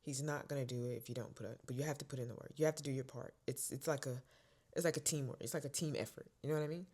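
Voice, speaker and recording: A young woman vlogger telling a personal story in a casual, expressive way, dropping to hushed whispers and rising to loud bursts. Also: very deep voice, rapid-fire.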